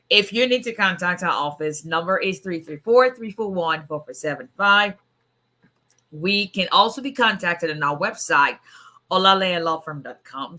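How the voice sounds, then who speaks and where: A hoarse woman immigration attorney on a casual livestream, chatting and greeting viewers by name. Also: lowish voice, pushed and bright. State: hoarse, voice nearly gone.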